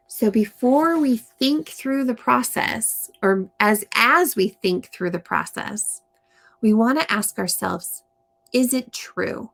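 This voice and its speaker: A woman reading aloud and explaining to young children in a slow, gentle teaching manner. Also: medium pitch, expressive, vocal fry. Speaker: storytime reader and teacher.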